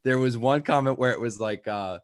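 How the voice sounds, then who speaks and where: A man's voice: mid-range voice, normal speed, dry recording, studio quality. A young man, a podcast co-host, telling a rambling casual anecdote full of "like" and quoted lines. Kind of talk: casual chat, storytelling.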